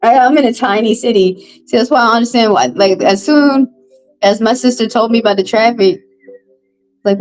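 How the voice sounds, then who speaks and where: A woman with a Southern US accent reading tarot on a live stream, chatting casually in a profane, animated way. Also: a little high, normal speed, faint music behind, rough recording. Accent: Southern US, Texas. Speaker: tarot reader.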